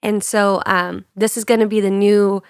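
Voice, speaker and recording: A young woman co-hosting a podcast in casual chat, relaxed on a couch, her voice still a little sick. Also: mid-range voice, normal speed, clear, resonant tone, no room sound, studio quality. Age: young adult. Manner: chatty, laughs often, relaxed. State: slightly sick voice. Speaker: podcast co-host. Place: on a couch indoors.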